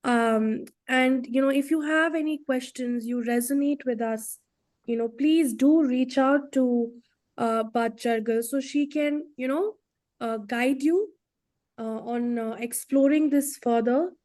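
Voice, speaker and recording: Soft-toned, slow-speaking woman presenter. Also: sits high. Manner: emphatic, demonstrative, uses tag questions. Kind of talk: casual presentation with interpreter.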